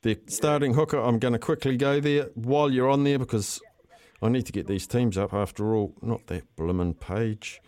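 A man's voice: mid-range voice, fairly quick, a little mellow, no echo. A man with a New Zealand accent hosting a casual radio call-in show, chatty and upbeat with callers. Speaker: radio host.

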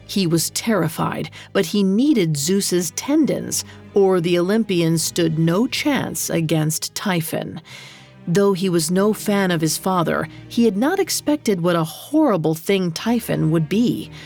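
A woman narrator reading a scripted myth in a measured, dramatic storytelling manner. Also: lowish voice, expressive, vocal fry, a little mellow. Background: faint music.

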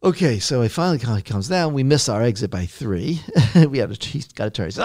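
A man with a gravelly, creaky voice tells a long story as an interview guest. He rambles and restarts often, and the sound is dry and close. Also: medium pitch, lively intonation, fairly quick, dry recording. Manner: rambling, many restarts, acts out quotes loudly. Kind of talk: casual anecdote telling.

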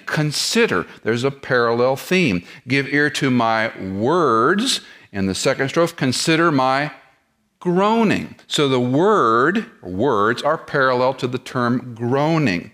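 A man's voice: mid-range voice, fairly bright tone. A middle-aged man preaching an expository sermon, explaining the text verse by verse and posing rhetorical questions as he teaches. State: lives with chronic back pain. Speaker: pastor.

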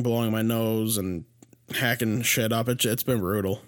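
A man's voice: on the low side, steady tone, normal speed. A man co-hosting a casual sports podcast, sounding stuffed up and congested, with a laid-back, rambling way of talking. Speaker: podcast co-host.

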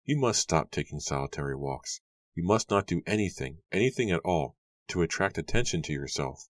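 A man's voice: low voice, lively intonation, a little fast, no room sound. A man voicing a stern, fearful Puritan mother who scolds her daughter disapprovingly in an audiobook reading. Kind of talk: audiobook character voice.

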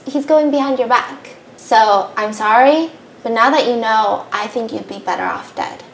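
A woman voicing a cold, calm masked man who threatens a couple in a retold story. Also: fairly high pitch, normal speed, roomy sound, a little hiss or hum, close to an everyday voice, poor audio. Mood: menacing. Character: cold masked male intruder.

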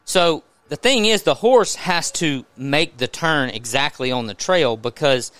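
A Southern man tells a story on a podcast, animated and full of restarts. His voice sits a little high and sounds smooth and resonant. The mic is close and dry. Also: measured pace, dry recording. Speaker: podcast host. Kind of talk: casual storytelling.

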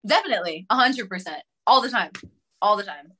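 A woman's voice: medium pitch, expressive, fairly quick, background noise. A young woman musician, a guest in a casual interview, talking chattily with lots of fillers and giggles.

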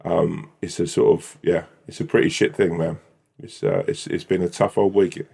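A podcast co-host with a low, gravelly, dark voice and a breathy edge, speaking at normal speed with fairly even intonation. He banters casually, rambling as he spins up silly made-up scenarios.

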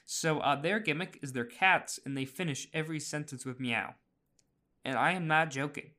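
A man's voice: a little high, moderate pace, sharp tone. A man hosting a casual podcast recap, chatty, with frequent fillers, restarts and small laughs. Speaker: podcast host.

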